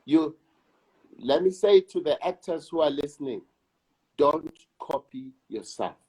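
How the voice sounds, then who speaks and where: A South African man, an actor and director, talking in an interview in a slow, emphatic way and repeating words for weight. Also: on the high side, animated, mellow, slightly rough. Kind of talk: reflective conversation.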